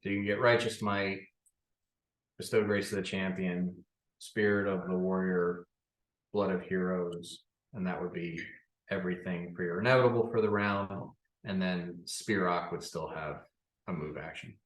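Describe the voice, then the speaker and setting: A man running a tabletop game as game master, working through the rules aloud with plenty of fillers. His voice sits on the low side. The sound carries the echo of a roomy space. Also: fairly even intonation, normal speed. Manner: explains rules at length with fillers.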